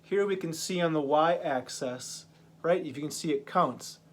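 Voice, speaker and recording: A man teaching a vocabulary lesson to English learners, speaking slowly and patiently and repeating each word. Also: a little high, slight background noise.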